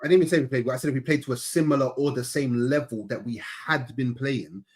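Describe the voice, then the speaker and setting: A young man arguing about football, laying out his point slowly and deliberately. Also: mid-range voice. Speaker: football podcast co-host. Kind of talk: heated football debate.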